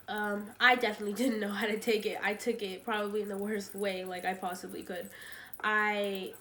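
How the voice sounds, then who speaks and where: A woman's voice: mid-range voice, a bit bright, a little hiss or hum. A young woman vlogger telling a painful story through tears, rambling and filling her talk with "like". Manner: rambling, heavy use of "like", acts out quoted talk. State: tearful, voice breaking. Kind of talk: emotional storytime vlog.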